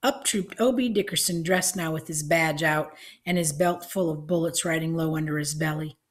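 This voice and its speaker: A woman reading an audiobook, narrating with measured storytelling. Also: low voice.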